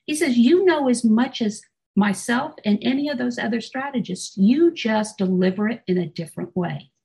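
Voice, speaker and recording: A woman hosting an interview podcast, sharing a story and asking questions in a relaxed way. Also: fairly high pitch, moderate pace, gravelly, slightly rough, low-quality recording. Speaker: podcast host. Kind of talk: casual interview chat.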